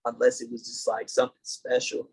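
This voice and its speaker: A middle-aged man from the United States, a podcast guest, telling his story in an earnest, halting way and restarting dates as he goes. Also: medium pitch, completely flat delivery, vocal fry, a little mellow, slightly rough, rough recording. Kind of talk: casual interview storytelling.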